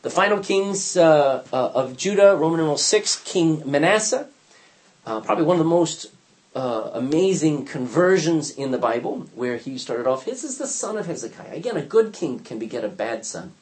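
A man's voice: a little high, animated, moderate pace. An older man teaching an informal Bible lesson, telling stories animatedly with frequent restarts and acted-out quotes.

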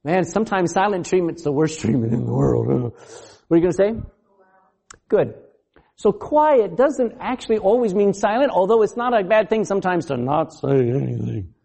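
A man's voice: sits high, normal speed, vocal fry, breathy edge. A male pastor preaching a sermon, asking the congregation questions, laughing often and acting out quoted voices. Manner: animated, asks the congregation questions.

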